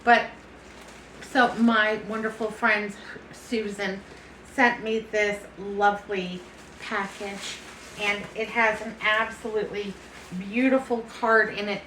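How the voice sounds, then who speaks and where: A woman's voice: mid-range voice, level tone, takes it slowly, pushed and bright, echoey room, slight background noise, low-quality recording. A middle-aged woman from the chatting casually to camera, affectionate and folksy, feeling a bit foggy and unsteady. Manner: chatty, affectionate, calls people honey and baby. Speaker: vlogger.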